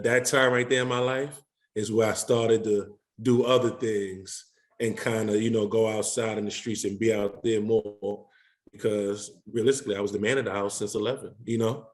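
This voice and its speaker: A man with a low voice talks reflectively as a guest on a panel. He sounds relaxed and conversational, often turning to his listeners to check that they follow him. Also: moderate pace. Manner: reflective, relaxed, fills with "you know". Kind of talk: casual conversation.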